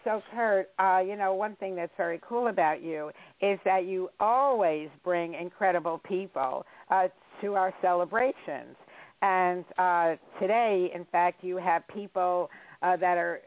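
A woman's voice: fairly low pitch, a little slow. A woman hosting a talk radio show, rambling along with plenty of filler words, heard over a tinny phone line. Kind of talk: casual radio chat.

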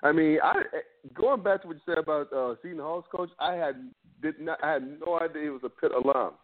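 A man's voice: fairly high pitch, a little fast. Opinionated man on a tinny phone line. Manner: opinionated, chuckling asides. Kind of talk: casual sports podcast chat.

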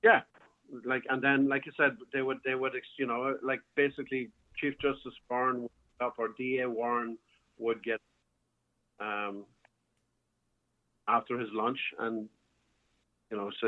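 This guest, a bar owner phoning in from home, has a medium-pitched, flat voice that runs a little slow with frequent pauses. The line sounds tinny as he rambles through a long casual story full of restarts and fillers.

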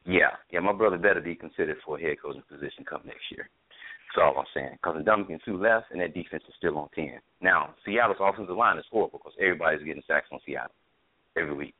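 A man co-hosting a casual sports talk podcast, halting and hesitant at first. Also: very deep voice, no echo. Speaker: podcast co-host. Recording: tinny phone-line sound, dry.

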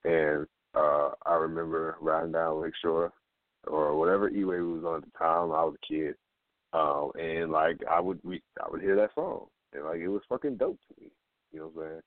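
Deep-voiced man on a phone line. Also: normal speed, dry recording. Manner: loose, profane, rambling with restarts. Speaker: internet radio host. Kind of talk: casual radio talk.

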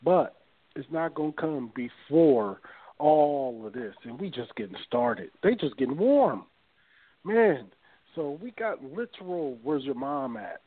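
A man's voice: a little high, big pitch swings, slow pace, husky, no echo. A man co-hosting a boxing podcast, trading laid-back, slangy banter in casual chat. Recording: dry, tinny phone-like audio.

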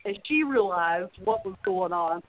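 A woman's voice: medium pitch, animated, a little slow. A woman calling in to a show, telling a funny story about a friend in a chatty, casual way. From Florida. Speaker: caller sharing a story. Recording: tinny phone line.

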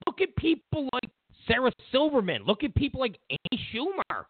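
A man delivers political commentary with a lively pitch that jumps all over the place, incredulous and repetitive. The sound is thin and phone-like, with a dry, close feel. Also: normal speed, slightly rough, no room sound. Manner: animated, incredulous, repeats himself. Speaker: host.

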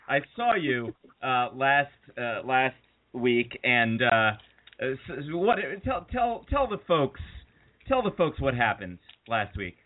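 A man's voice: medium pitch, big pitch swings. Jokey male podcast host, tinny sound. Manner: jokey, laughs often, halting with fillers. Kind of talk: casual chat. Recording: tinny phone-like audio.

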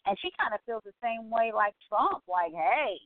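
A woman's voice: a little high, very animated, normal speed, dry recording. A woman from California hosting a live online talk show, rambling in a casual, chatty way, with lots of asides. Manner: chatty, full of "you know" and asides. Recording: dry, tinny phone-like sound.

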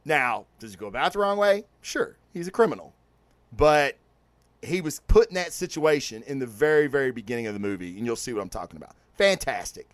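Excitable, profane man reviewing movies. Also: medium pitch, fairly quick, no room sound. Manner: excited, profane, rambling with many restarts. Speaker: podcast host. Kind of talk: casual movie and comics review.

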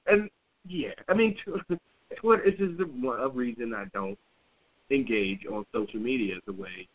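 A man co-hosting a podcast, telling a story in casual chat with blunt, profane, animated delivery. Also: medium pitch, moderate pace. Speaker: podcast co-host. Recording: tinny phone-like audio.

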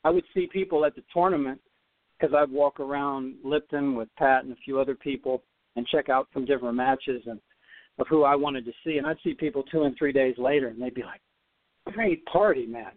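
A man, a former tennis player, telling a story as a podcast guest, animated and often repeating words as he goes. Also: medium pitch, a little fast, no echo. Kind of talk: storytelling in an interview. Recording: dry, phone-like line.

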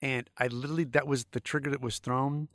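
A man's voice: medium pitch, fast talker, no room sound. Dry-voiced storytelling middle-aged man. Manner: animated, rambling anecdotes with many fillers. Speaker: guest, creature effects artist. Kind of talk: casual storytelling interview.

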